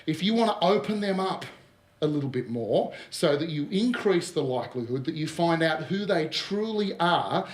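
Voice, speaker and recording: An Australian man runs a business workshop in front of a live audience, his voice a touch high for a man. He talks in a lively, joking way, tossing out asides. The sound carries the echo of a big room. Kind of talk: workshop presentation. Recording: roomy echo of a hall.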